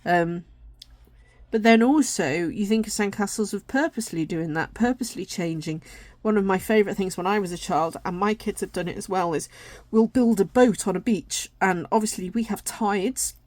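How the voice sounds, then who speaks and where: A woman walking through an oracle deck in a gentle, rambling way, tired and yawning now and then. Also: mid-range voice, moderate pace, dry recording. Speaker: tarot and oracle deck reviewer. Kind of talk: casual deck walkthrough.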